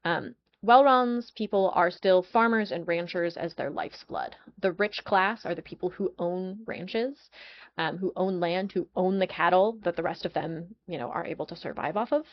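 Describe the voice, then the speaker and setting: A woman's voice: lowish voice, moderate pace. Chatty woman with a dull lo-fi sound. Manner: chatty, many ums and restarts. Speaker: lore presenter. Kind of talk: casual lore overview talk.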